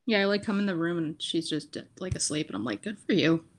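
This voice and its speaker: A woman's voice: on the low side, fairly even intonation, quick pace, a little hiss or hum. A young woman chatting casually in an easygoing way, full of "like" fillers. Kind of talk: casual chat.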